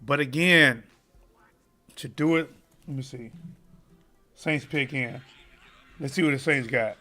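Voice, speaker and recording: A man's voice: medium pitch, slow, pushed and bright, soft background music. A man hosting a live sports commentary stream, talking straight to his viewers in a heated, impassioned way. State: choking up. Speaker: sports commentary channel host.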